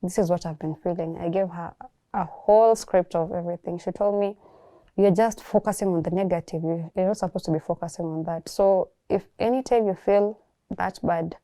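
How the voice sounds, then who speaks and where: A young Kenyan woman calmly telling her personal story, reflective and soft-spoken, often pausing to restart a thought. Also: lowish voice, dry recording, studio quality. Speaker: guest sharing her story. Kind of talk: personal testimony.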